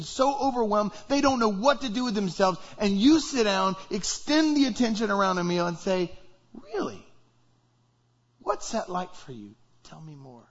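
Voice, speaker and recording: A male pastor with a high voice preaches a conversational sermon to his church, acting out short example dialogues as he goes. The audio has its highs cut off.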